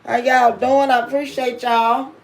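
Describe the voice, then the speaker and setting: A woman's voice: fairly high pitch, little pitch movement, unhurried. A woman hosting a casual livestream from home, talking in a laid-back, confiding, slangy way and greeting viewers by name. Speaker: livestream host. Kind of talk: casual live-stream chat with viewers.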